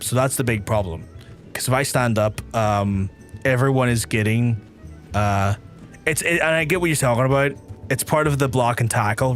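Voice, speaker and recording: Rambling, swearing Belfast man streaming. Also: medium pitch. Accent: Belfast, softened. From Northern Ireland. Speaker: game streamer. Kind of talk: casual live-stream chat while playing.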